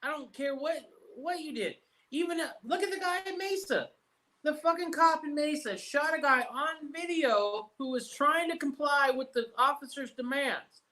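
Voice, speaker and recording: A man talking in a relaxed, casual way, spinning a profane story with plenty of swearing. He hosts the chat and keeps it informal. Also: extremely high pitch, moderate pace, low-quality recording. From United States. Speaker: host.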